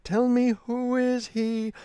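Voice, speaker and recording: A reader voicing Merlin, a tender male wizard, murmuring softly in a recited verse tale. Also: mid-range voice, completely flat delivery, slow pace, clean tone, dry recording, studio quality, voice pushed up, lightly acted. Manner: soft, murmuring, pleading.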